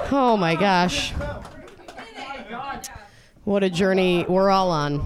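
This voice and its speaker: Brash female stand-up comic, higher voice with lively swings, live club crowd audible. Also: unhurried. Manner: brash, crude, playful crowd work. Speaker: stand-up comedian. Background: audience laughing.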